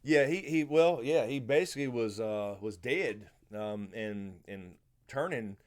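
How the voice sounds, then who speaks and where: A man's voice: medium pitch, a little slow. A man with a Southern American accent hosting a live question-and-answer stream, chatting loosely and greeting viewers by name. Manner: relaxed, rambling, answers chat by name. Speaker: livestream host. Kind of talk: casual live Q&A chat.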